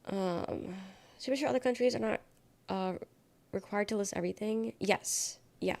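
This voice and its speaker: A woman's voice: medium pitch, measured pace, vocal fry, darkish tone. A young adult woman streamer chatting casually and sarcastically, reading viewer comments aloud and rambling between topics. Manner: rambling, sarcastic, reacts to chat. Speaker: livestreamer.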